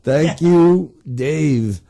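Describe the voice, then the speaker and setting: Slow, mellow-voiced radio host. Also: male voice, fairly high pitch, creaky, faint music behind. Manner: laid-back, enthusiastic, slangy. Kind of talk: casual radio interview.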